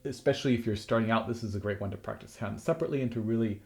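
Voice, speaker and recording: A man's voice: on the low side, very fast, vocal fry, darkish tone. A man teaching a harp lesson, explaining rhythm and counting the beats aloud as he plays, with frequent restarts.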